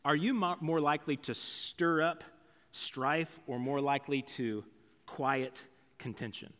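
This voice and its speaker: A man's voice: a little high, unhurried, fairly bright tone. Man preaching in a reverberant hall. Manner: conversational, storytelling with asides. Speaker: pastor. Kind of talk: sermon.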